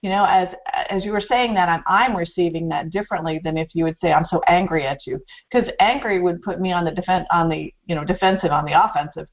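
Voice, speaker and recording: A woman's voice: fairly low pitch, fast talker, hardly any pauses, lo-fi sound. A woman hosting a talk show, reflecting aloud in a conversational way with small restarts. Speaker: host. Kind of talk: conversational interview.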